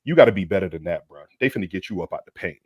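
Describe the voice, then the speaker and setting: Man, low voice, dry close sound, slangy comedic sports rant host. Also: rapid-fire, slightly rough, no room sound, highs cut off. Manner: animated, slangy, preachy mock lecture. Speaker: podcast co-host.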